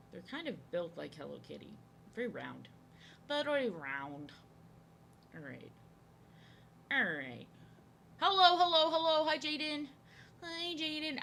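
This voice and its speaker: A young woman with a lowish, gravelly voice that sounds a bit bright and slightly rough chats casually with her live-stream viewers as she draws. This art streamer greets her audience and often says her lines twice.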